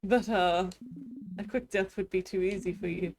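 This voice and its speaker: A woman voicing a cruel male tyrant king in a video game, speaking slowly and tauntingly. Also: medium pitch, fairly even intonation, darkish tone, soft background music, close to an everyday voice. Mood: gloating. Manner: slow, taunting, threatening. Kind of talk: reading a video game aloud with voices.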